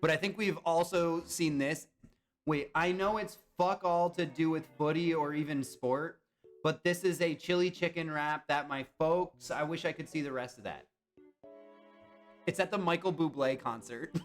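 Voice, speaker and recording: A man's voice: fairly high pitch, moderate pace, faint music behind. A young man streamer chatting casually and reacting to viewers' comments while playing browser games. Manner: animated, chatty, reads and answers chat. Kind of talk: casual live-stream chat.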